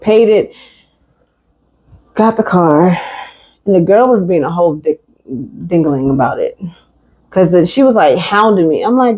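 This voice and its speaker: A woman's voice: lowish voice, measured pace, long pauses, slightly rough, lo-fi sound. A woman co-hosting a casual chat, telling a story and acting out every quote. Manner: animated storyteller, acts out quotes. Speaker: podcast co-host.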